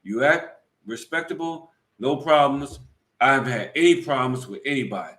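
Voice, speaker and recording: A man's voice: medium pitch, fairly bright tone. A middle-aged man from the United States talking emphatically and a little preachily in a casual live chat. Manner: emphatic, preachy, rapid talk. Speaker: vlog co-host. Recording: echoey room.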